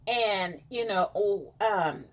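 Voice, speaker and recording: A woman's voice: mid-range voice, slow. A middle-aged woman telling a rambling personal story to her camera, full of fillers, dropping to a whisper when she quotes other people. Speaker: vlogger. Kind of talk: casual storytelling monologue.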